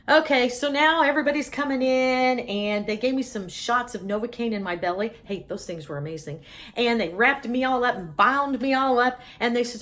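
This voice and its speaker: A woman's voice: on the high side, moderate pace, fairly bright tone. A middle-aged woman telling a personal story with humor, laughing often.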